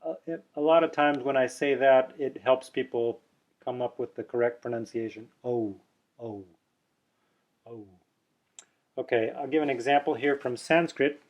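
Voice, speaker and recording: A man gives a pronunciation lesson at a patient, unhurried pace, stretching and repeating each vowel sound. His voice sits in an ordinary middle pitch. The recording is somewhat dull and lo-fi. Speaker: teacher. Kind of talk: instructional explanation.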